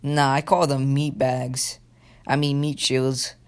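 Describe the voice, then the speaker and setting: A man's voice: medium pitch, little pitch movement, takes it slowly, smooth, close to an everyday voice. A man voicing a cocky, gleefully ruthless teenage boy ninja with a mocking, taunting manner.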